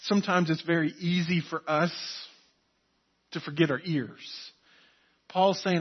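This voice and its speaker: High-voiced man preaching a sermon. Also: fairly even intonation, unhurried, long pauses, slightly rough, highs cut off. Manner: earnest, repeats key phrases for emphasis. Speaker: pastor.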